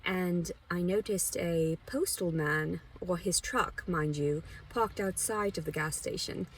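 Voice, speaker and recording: A woman's voice: lowish voice, takes it slowly, distant mic, a little hiss or hum. A woman talking to camera in a meandering personal monologue, frank and blunt, often restarting her sentences. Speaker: vlogger.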